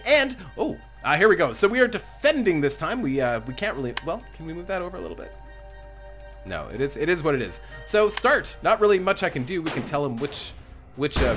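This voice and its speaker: A man giving casual gameplay commentary as a let's play host, excitable and thinking aloud, chuckling often. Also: fairly high pitch. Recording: game music playing under the voice.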